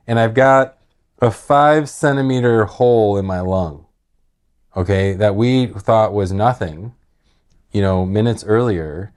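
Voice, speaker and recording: A man on a podcast, telling a personal story in a casual, animated way that sometimes drops low and quiet. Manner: animated, laughing retelling that drops to quiet, heavy tones.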